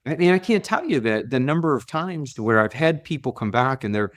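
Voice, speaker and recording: A man who works as a leadership coach, speaking as a podcast guest. He tells stories in an animated way and often repeats and restarts his words. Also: medium pitch, fairly quick. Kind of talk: conversational interview storytelling.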